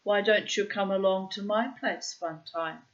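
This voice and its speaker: A wheezy, cracked old sea captain with a put-on Norwegian accent, as a woman reader voices him. He is sly and fawning and speaks slowly. The storybook reading sounds a little dull. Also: mid-range voice, fairly even intonation, close to an everyday voice. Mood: ingratiating.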